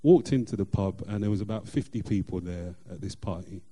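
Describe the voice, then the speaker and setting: A middle-aged man, sharing a personal faith testimony in an earnest, halting way with many fillers and restarts. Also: low-pitched, mellow. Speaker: church member sharing testimony.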